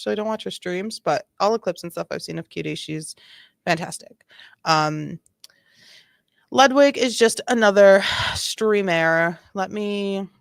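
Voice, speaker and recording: A woman's voice: medium pitch, creaky, dry recording. A woman in her thirties chatting casually as a commentary host, rambling with lots of fillers and frequent laughter.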